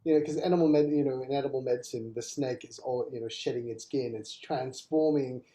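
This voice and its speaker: Male interview host, encouraging, many short affirmations; mellow voice, echoey room. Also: medium pitch, steady tone, fairly quick.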